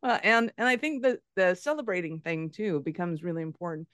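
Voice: mid-range voice, lively intonation, a little fast, a bit bright, clean tone, no echo, studio quality. A podcast host chatting casually with a guest, giggly and agreeable. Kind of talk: casual interview chat.

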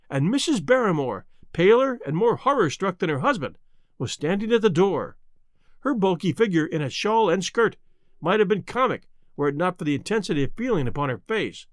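A man narrating a classic mystery story in an expressive, dramatic reading. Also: high voice, normal speed, dry recording, clean studio sound. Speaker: audiobook narrator. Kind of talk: scripted narration.

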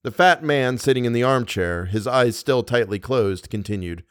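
A man reading a short story aloud as the narrator, in a steady, deadpan way. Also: medium pitch, normal speed, clear, resonant tone, no echo, clean studio sound. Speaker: podcast narrator.

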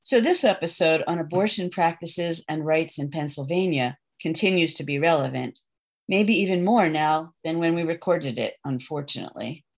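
A woman psychologist co-hosts a podcast in a low, measured voice. Her scripted intro sounds earnest.

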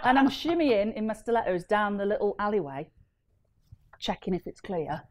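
A woman telling an animated, laughing story as a deal packager on a casual property panel. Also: medium pitch, moderate pace. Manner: animated, laughing, acts out voices in her story.

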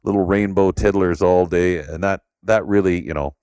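A middle-aged podcast host from Canada talks in a casual, rambling way, with plenty of fillers as he tells stories. His voice sits very low, and the recording is dry and close. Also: fairly even intonation, normal speed, a little mellow, no echo. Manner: storytelling, rambling with many "you know" fillers. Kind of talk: casual conversation.

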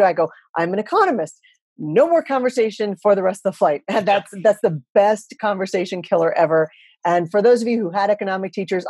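A woman's voice: medium pitch, mellow, breathy edge, no room sound. A woman in her fifties, an economist guest on a podcast, explaining things confidently with a chatty, joking manner. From USA. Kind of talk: casual podcast interview.

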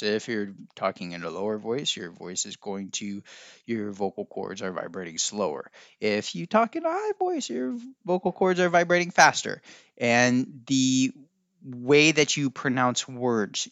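A man's voice: mid-range voice, fairly bright tone, clean tone, dry recording. Man, podcast host, musing and teacherly, dry close sound, slightly dull lo-fi audio. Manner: musing, self-correcting, teacherly. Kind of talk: solo podcast monologue.

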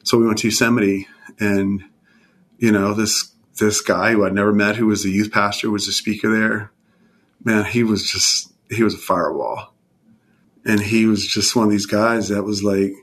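A man in his fifties from California, earnestly sharing a heartfelt personal testimony in conversation, his voice sometimes dropping to a hushed near-whisper. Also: fairly low pitch, little pitch movement, normal speed. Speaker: guest.

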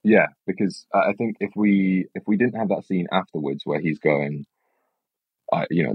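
A young British man, an actor, chatting casually in an interview, telling rambling, animated stories with lots of restarts. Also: extremely low pitch, fairly quick, husky, no echo. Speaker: actor guest. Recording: slightly dull lo-fi sound.

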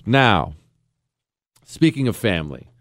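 A man in his forties hosting a call-in radio talk show, emphatic and animated, dropping from loud to low. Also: takes it slowly, dry recording, clean studio sound.

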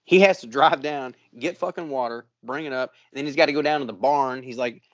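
A man co-hosting a podcast, telling a long story in a casual, profane, animated way. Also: medium pitch, brisk, dull audio. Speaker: podcast co-host.

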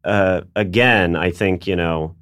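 A man's voice: sits low, a bit bright, dry recording, studio quality. A man, a comedian guest chatting casually on a podcast, rambling and restarting his sentences. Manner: rambling, self-interrupting, drops into quick voices.

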